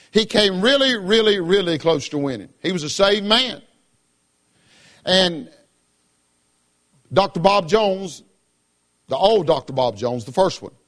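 Preacher, male, high-pitched, fervent pulpit delivery, calls for amens. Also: fairly bright tone. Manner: fervent, calls for "Amen?" from the congregation. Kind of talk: sermon.

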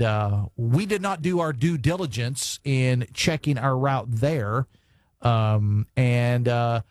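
A man hosting a talk radio show, chatting loosely with plenty of fillers as he reads texts aloud. His voice is close and dry on a studio mic, with mid-range pitch. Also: a little mellow, dry recording. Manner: conversational, reads listener texts, many fillers. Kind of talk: casual call-in talk radio chat. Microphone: studio broadcast mic.

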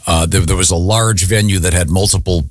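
A man with a very low voice, chatting on a radio show and telling a rambling story full of stops and restarts. The sound is close and dry, like a studio mic. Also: fairly even intonation, fairly quick, dry recording. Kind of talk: casual morning radio banter.

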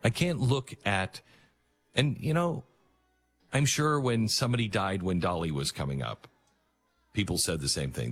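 Husky man hosting an earnest monologue. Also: low-pitched, sing-song, faint music behind. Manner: earnest and emphatic, halting restarts. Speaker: talk show host. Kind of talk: talk radio monologue.

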